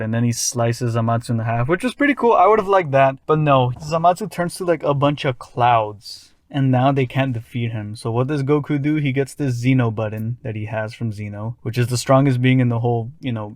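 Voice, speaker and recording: A man's voice: mid-range voice, dry recording. A man giving a casual, rambling opinion rant as an anime commentator, often frustrated and dismissive.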